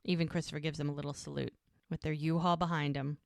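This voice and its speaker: A woman's voice: deep voice, little pitch movement, fast, creaky, no echo, clean studio sound. A middle-aged woman co-hosting a podcast, chatting casually as she recaps a TV episode and retells the scenes. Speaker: podcast co-host. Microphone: podcast microphone.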